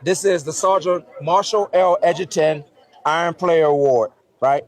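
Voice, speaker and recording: A man's voice: a little high, a little slow. A man presenting an award as head of the organization, heartfelt and choked up, often checking in with "right?". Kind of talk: emotional award speech.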